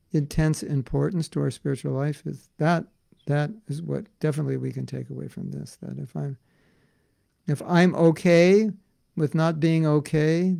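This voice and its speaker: A man teaching a devotional class in an earnest, conversational way, full of casual fillers, swinging between loud emphasis and soft asides. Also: fairly high pitch, creaky, dry recording. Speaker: spiritual teacher.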